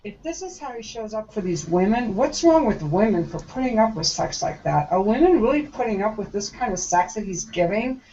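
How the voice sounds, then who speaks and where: A woman's voice: mid-range voice, expressive, a little fast, few pauses, dark tone, a little hiss or hum. A woman in a played clip speaks frankly and with curiosity, in a mid-range voice. The clip sounds muffled and lo-fi. A faint ambience runs underneath. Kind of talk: candid personal account.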